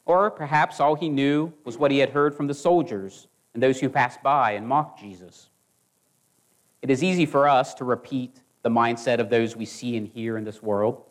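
A man delivering a sermon at an even, deliberate pace, his voice sitting in an ordinary middle pitch. He speaks earnestly and steadily, sometimes catching himself and restarting a word. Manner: measured, earnest preaching with occasional restarts. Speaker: preacher.

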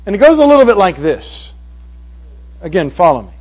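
A man preaching a sermon to a congregation, swinging from hushed passages to loud, emphatic ones. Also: high-pitched, big pitch swings, moderate pace, low-quality recording. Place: evening meeting before a congregation.

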